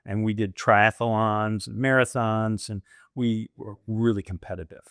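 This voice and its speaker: A man's voice: fairly low pitch, measured pace, clear, resonant tone, no echo, studio quality. A middle-aged American man, a guest in an interview, telling stories animatedly, laughing often and acting out what others said. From United States. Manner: animated, laughs often, acts out quoted dialogue. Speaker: guest, former military pilot and franchise owner. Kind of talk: conversational storytelling interview.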